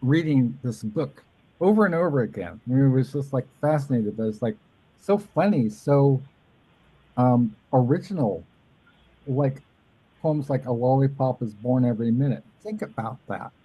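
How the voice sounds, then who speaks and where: Telling a long, meandering tale on his casual podcast, this host from Southern California animatedly imitates the voices of those he quotes. He speaks at normal speed in a mid-range, husky, mellow, animated voice, and the recording is dry and low quality.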